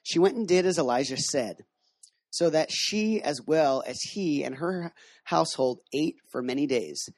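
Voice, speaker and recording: A man teaching a casual sermon, retelling a Bible story in slangy, animated terms and reading scripture aloud. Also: on the high side, unhurried, dry recording, clean studio sound. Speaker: missions base director teaching.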